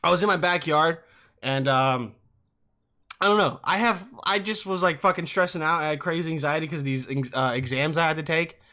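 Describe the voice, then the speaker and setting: Bright-voiced young man, rambling and profane. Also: fairly high pitch, brisk. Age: young adult. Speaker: podcast host. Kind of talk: casual comic storytelling.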